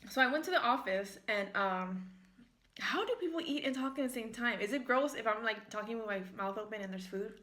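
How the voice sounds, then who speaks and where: Eating in her home kitchen, a young woman from the United States chats casually for a mukbang vlog, storytelling in a meandering way full of fillers. Her voice is a little high, fairly quick and somewhat bright, with echo from the room.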